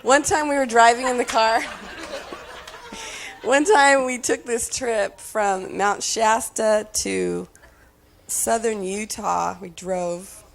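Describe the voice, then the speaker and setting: A middle-aged woman telling a family road-trip story in an animated way, acting out the kids' shouting and laughing along. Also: fairly high pitch, slow pace, gravelly, a little hiss or hum. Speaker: speaker sharing family stories. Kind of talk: storytelling talk.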